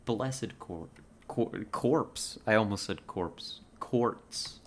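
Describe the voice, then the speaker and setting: Laid-back Californian woman streamer on a headset, unhurried, faint keyboard typing behind. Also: rumbling low, slight background noise. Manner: laid-back, giggly, chats with viewers. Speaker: game streamer. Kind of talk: casual live-stream chat.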